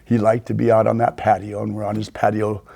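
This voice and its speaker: Gravelly older man telling stories. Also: fairly low pitch, completely flat delivery, warm tone. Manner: unhurried anecdotes, quoting others in dropped voice. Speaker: podcast host, storyteller. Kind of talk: casual storytelling interview.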